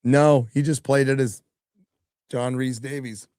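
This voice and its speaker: A man's voice: medium pitch, steady tone, a little slow, darkish tone, dry recording, clean studio sound. A middle-aged man hosting a live stream, chatting casually, swearing freely and reading viewer donation messages aloud. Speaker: livestream host reading donations.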